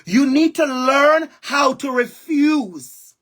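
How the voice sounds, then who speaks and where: A man's voice: very high-pitched, expressive, takes it slowly, a bit bright. A man with a Jamaican accent gives an impassioned keynote speech over a video call, using emphatic repetition. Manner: emphatic, repeats phrases for emphasis. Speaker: keynote speaker.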